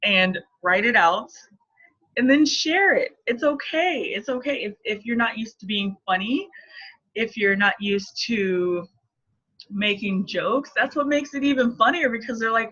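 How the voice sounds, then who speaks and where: Her voice is a little high, bright and forceful, and she speaks unhurriedly. This woman in her thirties is a marketing coach whose teaching is casual, playful and full of laughter, heard on a dull lo-fi recording.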